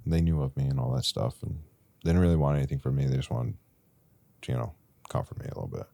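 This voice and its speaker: A young man as a podcast guest, candidly telling a rambling story about his recovery and rising to loud, intense peaks. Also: a bass voice, fast talker, creaky, no room sound.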